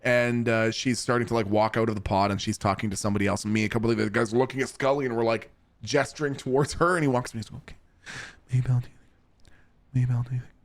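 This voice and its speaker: A man's voice: mid-range voice, steady tone, very fast. Man rambling through a story. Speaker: streamer. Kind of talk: casual storytelling to chat. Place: home streaming setup.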